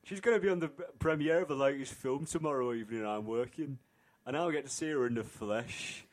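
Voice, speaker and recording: A man's voice: mid-range voice, brisk. A man co-hosting a comedy podcast, laughing and joking as he acts out a silly fan story. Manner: laughing, joking, trying a put-on voice. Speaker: podcast co-host.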